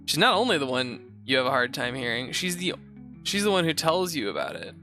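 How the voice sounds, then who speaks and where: A man's voice: mid-range voice, sing-song, brisk, pushed and bright, soft background music. A man hosting a show, reading posts aloud and giving rambling, profane, sarcastic commentary in a casual chat style. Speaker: host.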